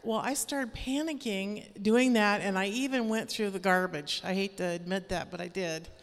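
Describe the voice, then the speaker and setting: A woman sharing an earnest, animated personal testimony as a praise report at a church gathering. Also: medium pitch, normal speed. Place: church hall. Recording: long reverb of a hall.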